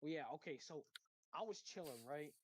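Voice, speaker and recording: A man's voice: a little high, brisk, crowd noise. A young man co-hosting a podcast who eagerly jumps in with his own story and swears casually. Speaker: podcast co-host.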